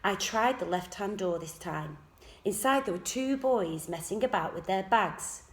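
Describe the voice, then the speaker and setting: Teacher reading a story softly. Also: female voice, mid-range voice, lively intonation, a little slow. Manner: soft, quiet first-person narration. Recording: echoey room.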